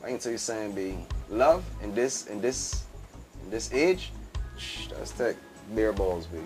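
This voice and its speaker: Music runs under this man's lowish, expressive voice as he speaks at a measured pace. As a guest fashion entrepreneur on a casual show, he talks animatedly and with emphasis. He repeats phrases and says "B" to his host again and again.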